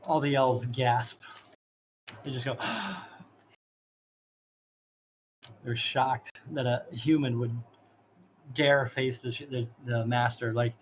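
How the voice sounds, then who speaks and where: A man's voice: mid-range voice, flat delivery, a little slow, a little hiss or hum, poor audio. A man running a tabletop game as game master, describing scenes in a casual, loose way.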